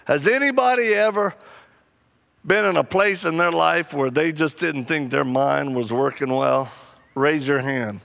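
A man preaching a sermon with animated, humorous storytelling. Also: fairly high pitch, a little slow, vocal fry.

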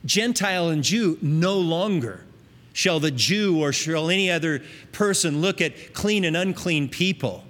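A man's voice: fairly high pitch, lively intonation, measured pace, a bit bright, long reverb tail. A man preaching a sermon, teaching in an earnest, conversational way with emphatic rises.

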